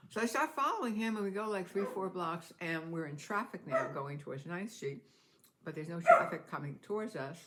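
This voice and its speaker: Chatty older woman with a lively voice. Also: on the low side, fairly quick, very noisy. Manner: chatty, laughs often while telling a story. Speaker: vlogger. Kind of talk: casual storytelling.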